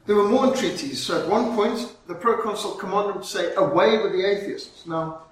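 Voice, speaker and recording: A man preaching a sermon, telling a story dramatically and slowing down for emphasis. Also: high-pitched. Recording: very echoey, from far off, faint ambience.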